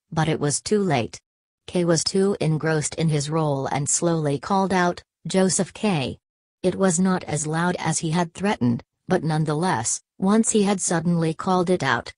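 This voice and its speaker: Woman audiobook reader, low pitch, dry sound, measured novel reading. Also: a little mellow, no room sound. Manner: measured, announces page numbers.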